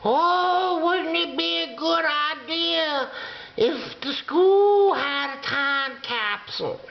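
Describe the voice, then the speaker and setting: A man voicing a sweet, chirpy female sixth grade teacher in a high, lilting falsetto. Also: expressive, slow pace, vocal fry, echoey room, heavily acted. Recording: dull lo-fi recording.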